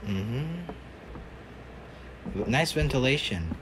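A man's voice: mid-range voice, animated, extremely slow, background noise. A man giving casual gaming commentary, reacting with dry sarcastic remarks. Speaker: gamer.

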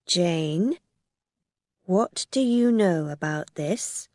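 A woman's voice: fairly low pitch, animated, extremely slow, darkish tone, no echo, clean studio sound, exaggerated voice. A woman voicing a firm, stern mother of five in a storybook reading.

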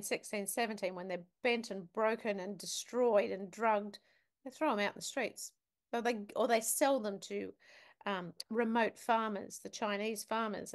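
A woman, a guest on a talk show, telling a story vividly and emphatically and putting questions to the listener. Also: mid-range voice. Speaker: podcast guest, business academic. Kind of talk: storytelling in conversation.

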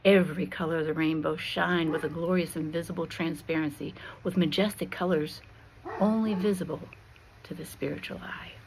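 A woman with a low voice tells a Christian allegory in a slow, expressive style and leans into every dramatic beat. A faint hiss of noise sits beneath her voice. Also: poor audio. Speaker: storyteller.

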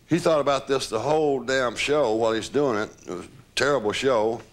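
An older man being interviewed, telling lively anecdotes with laughter and the odd curse. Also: mid-range voice, a little fast. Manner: animated storyteller, laughs, swears. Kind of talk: recounting stories.

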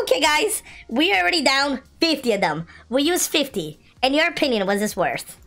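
A woman's voice: sits high, fairly quick. A young adult woman giving casual gameplay commentary, pleading for good loot, complaining and then cheering. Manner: excitable, pleading, complains then shouts with joy. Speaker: gaming video host. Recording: light music in the background.

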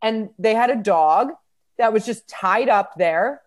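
A woman guest on a casual chat podcast, telling a story in a heated, profane and animated way. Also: a little high, measured pace. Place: New York.

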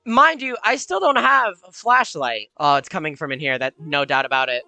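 A man's voice: a little high, animated, moderate pace, vocal fry, bright, forceful tone, no echo. A young man commenting on his own horror game play, jumpy and profane, with nervous laughter and sudden yelps. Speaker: gamer.

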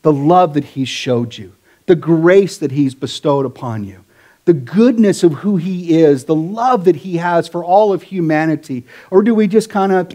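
A man's voice: on the high side, lively intonation, normal speed, dark tone. A middle-aged man, a pastor, preaching a sermon in a casual, conversational way with slang.

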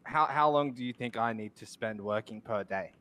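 A man's voice: mid-range voice, normal speed, a bit bright. A man playing in an online role-play game, teasing and mocking the other player with casual swearing.

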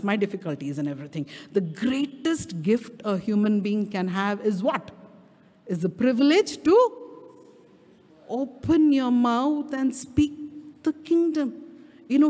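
A middle-aged woman with an Indian English accent preaching a sermon at a prayer meeting, stretching key words slowly for emphasis. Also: a little high, a little mellow. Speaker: guest speaker. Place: church prayer hall. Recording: reverberant hall.

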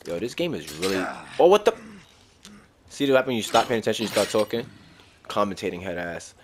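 A man's voice: lowish voice, very animated, brisk, slight background noise. Jumpy, slangy man playing a horror game. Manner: slangy, jumpy, with sudden startled outbursts. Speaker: gaming video host. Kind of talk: casual let's-play commentary.

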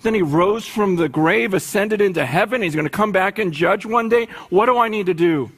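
A middle-aged pastor preaches a sermon, shifting from hushed to urgent and putting rhetorical questions to the congregation. His voice is high-pitched and husky, and he speaks at a normal speed.

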